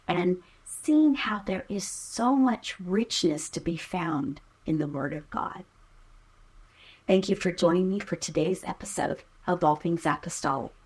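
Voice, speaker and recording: A woman hosting a podcast, reading Bible verses aloud and teaching a scripted Bible lesson in a measured way. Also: medium pitch.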